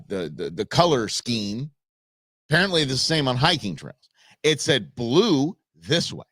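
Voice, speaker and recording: A man in his fifties hosts a show and tells a personal story in a loose, joking way. His pitch climbs and drops a lot as he acts out both sides of a conversation. His voice sits a little high for a man, and the sound is dry and close. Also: dry recording. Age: 50s. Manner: animated, joking, acts out quoted exchanges. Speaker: show host. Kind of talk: casual storytelling monologue.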